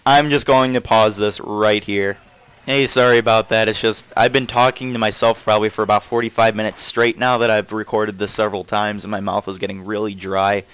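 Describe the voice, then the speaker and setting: A man's voice: lowish voice, level tone, fairly quick, fairly bright tone, clear, resonant tone, soft background music, rough recording. A young man giving casual, rambling commentary over a video game, often stopping and restarting his thoughts. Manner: rambling, self-interrupting, trails off often. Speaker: gameplay commentator.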